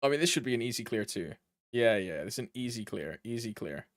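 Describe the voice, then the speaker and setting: A man's voice: mid-range voice, expressive, fast, dry recording, studio quality. A man streaming a game, chatting casually, joking around, swearing now and then and humming to himself. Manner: joking, loose, swears freely, hums to himself. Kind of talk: casual gameplay chat.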